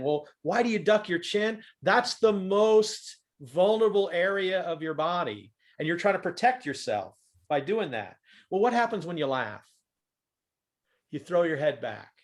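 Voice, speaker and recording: Man, stand-up comic, panel talk, video call, animated, acts out examples, slightly high voice.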